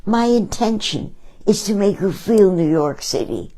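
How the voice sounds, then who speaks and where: A woman's voice: mid-range voice, lively intonation, warm tone, poor audio. A woman painter talking casually about her paintings, telling stories with emphasis. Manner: slow, storytelling, emphatic.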